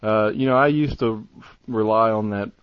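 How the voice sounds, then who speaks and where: A man's voice: lowish voice, normal speed, muffled recording, background noise. A man calling into a Bible study, casual and a little out of breath. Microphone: call or conference line.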